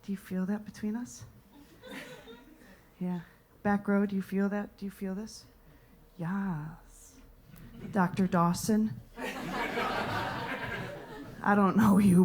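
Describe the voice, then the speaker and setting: A woman's voice: medium pitch, steady tone, slow pace, long pauses, background noise. A young American woman performing a rambling, playful stand-up set. She talks straight to the audience and drops into whispered asides. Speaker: comedian and improviser. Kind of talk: stand-up set at a live comedy night.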